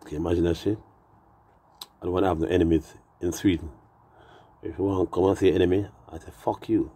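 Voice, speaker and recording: Gravelly Jamaican man in his sixties. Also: low-pitched, flat delivery, fast talker, mellow. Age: 60s. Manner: profane, boastful storytelling. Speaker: musician streaming live. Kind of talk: rambling live-stream chat.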